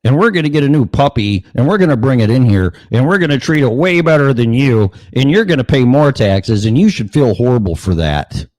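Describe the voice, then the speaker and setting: A man's voice: mid-range voice, animated, a little fast, hardly any pauses, a little mellow, dry recording. A man hosting a show, delivering a sarcastic, profane ranting monologue full of mocking asides. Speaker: show host.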